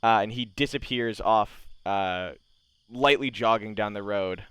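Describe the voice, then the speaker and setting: Smooth-voiced man running a tabletop game. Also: lowish voice, a little slow, fairly bright tone, no echo. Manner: casual, lots of fillers. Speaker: game master.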